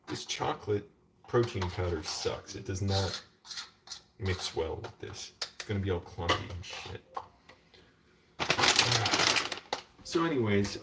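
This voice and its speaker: A man's voice: fairly low pitch, takes it slowly, long pauses. A man ranting at home in a live stream, telling a long story with many fillers and restarts. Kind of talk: casual rambling rant. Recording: distant mic with faint background noise.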